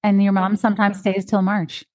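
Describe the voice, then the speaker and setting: A woman co-hosting a podcast, chatting in a relaxed way and laughing easily. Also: mid-range voice, moderate pace, no room sound, studio quality. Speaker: podcast co-host. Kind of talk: casual chat.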